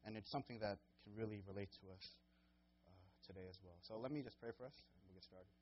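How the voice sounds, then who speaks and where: A young man preaching a casual sermon as a guest preacher, with many fillers and restarts, getting loud and high when he acts out scenes. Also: fast, highs cut off, a little hiss or hum.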